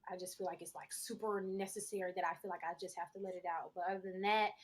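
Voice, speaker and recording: A woman on a podcast in casual chat, candid and halting, with many fillers. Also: lowish voice, fairly even intonation. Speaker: podcast co-host.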